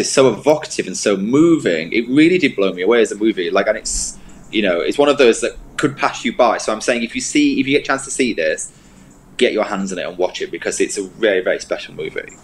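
Lowish voiced guy co-hosting a movie review, chatty and excited, says things twice. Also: quick pace, a little hiss or hum, low-quality recording. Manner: enthusiastic, repeats words for emphasis. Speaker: film review co-host. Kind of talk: casual chat.

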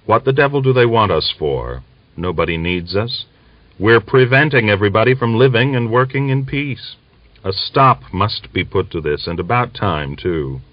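A man's voice: lowish voice, animated, normal speed, no echo, muffled recording, close to an everyday voice. A man voicing a weary, irritable Cossack soldier in a read-aloud novel. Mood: brooding. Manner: curt, irritable.

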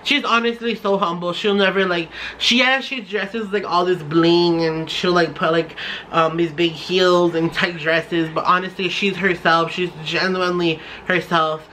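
A young man from the San Francisco Bay Area telling a storytime vlog, gushing and excitable, with lots of "like" fillers. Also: sits high, measured pace, a little hiss or hum. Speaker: vlogger.

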